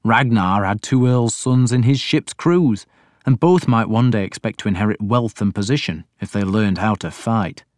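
A man reading a first-person story as an audiobook narrator in a measured storytelling manner. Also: fairly low pitch, a little mellow, no echo, clean studio sound.

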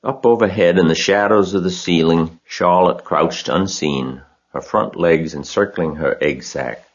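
A man narrating a storybook audiobook in a steady, expressive reading. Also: deep voice, a little slow, breathy edge, muffled recording.

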